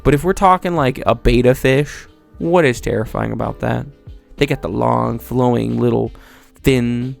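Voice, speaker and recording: Gravelly man ranting comedically. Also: medium pitch, normal speed, soft background music. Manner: profane, rambling, mock-incredulous. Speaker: video creator. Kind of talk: comedic monologue.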